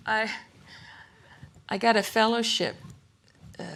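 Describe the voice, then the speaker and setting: Older woman, gravelly, rambling funny lecture, laughs a lot, talks to a live audience. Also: on the high side, steady tone, takes it slowly, long pauses, a bit bright. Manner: chatty, laughs often, self-interrupting. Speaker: artist giving a lecture. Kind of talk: rambling humorous storytelling talk.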